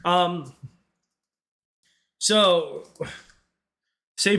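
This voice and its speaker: Speaking with a Northern Irish accent, this young man is casually chatting on a live stream, drifting into tangents and laughing a lot. He's from Northern Ireland, and his animated, slightly bright voice runs on the high side at a moderate pace.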